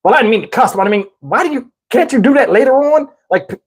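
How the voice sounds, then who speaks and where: Man playing a cranky housewife, shrill and fast, scolding a caller; husky tone. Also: animated. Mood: annoyed scolding. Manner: sharp, scolding, rapid. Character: irritated middle-aged woman answering her door.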